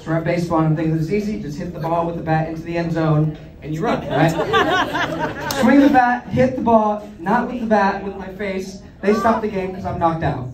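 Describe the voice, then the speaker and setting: A man in his twenties tells self-deprecating stories in a high, animated voice. He is heard from a distance in an echoey comedy club, with the crowd laughing loudly around him. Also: normal speed. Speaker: stand-up comedian. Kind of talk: stand-up comedy storytelling. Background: audience laughter.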